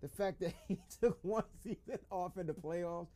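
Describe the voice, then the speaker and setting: A man co-hosting a live sports podcast, arguing in an animated, casual way and reading the chat aloud. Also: high voice, moderate pace. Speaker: podcast co-host.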